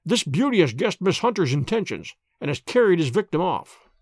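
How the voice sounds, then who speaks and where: A man's voice: high-pitched, big pitch swings, a little fast, no room sound, studio quality, full character voice. A man voicing a keen, authoritative detective in an audiobook reading. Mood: commanding. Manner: crisp, authoritative. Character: keen, commanding male detective.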